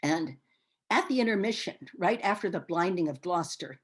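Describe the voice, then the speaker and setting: An older woman telling her life story in an oral history interview, expressive and animated, often pausing with fillers. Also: on the low side, breathy edge.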